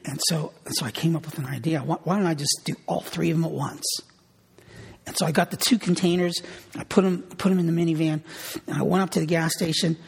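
Man, middle-aged, pastor, sermon, earnest and repetitive, gravelly voice, long hall echo. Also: on the high side, fairly even intonation, fast. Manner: earnest storytelling with frequent word repetitions.

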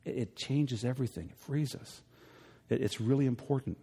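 A middle-aged male pastor preaching a sermon to his congregation, rising to emphatic peaks and then dropping low and quiet, acting out voices when he retells a story. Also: moderate pace, vocal fry, breathy edge. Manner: acts out voices in retold stories. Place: church sanctuary. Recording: long hall reverb.

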